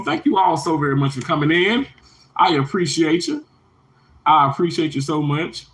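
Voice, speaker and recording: A man in his thirties giving an earnest motivational livestream talk to his viewers, repeating himself and greeting chat in a higher voice. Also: expressive, moderate pace, fairly bright tone, low-quality recording. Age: 30s.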